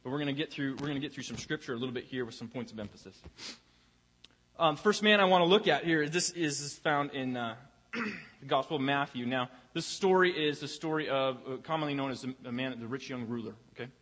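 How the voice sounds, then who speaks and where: Speaking animatedly and fairly quickly, a young man at medium pitch with a slightly bright tone preaches a sermon in a church sanctuary. He is conversational, often repeating words to find his place, while the hall adds long reverb.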